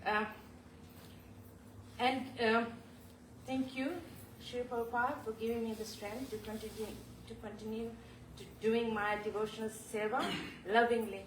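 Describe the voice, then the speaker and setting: A woman giving a heartfelt homage in a temple hall, speaking haltingly and apologetically, moved to tears. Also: a little high, level tone. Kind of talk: emotional spoken tribute. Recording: echoey hall, voice from far off, clear background noise.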